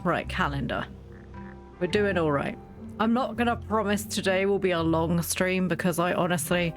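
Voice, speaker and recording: Sick woman streamer chatting while gaming. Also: on the low side. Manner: chatty, self-deprecating, laughs often, greets chat by name. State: sick, coughing and sore-voiced. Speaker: game streamer. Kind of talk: casual live-stream chat while playing. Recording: faint background game music.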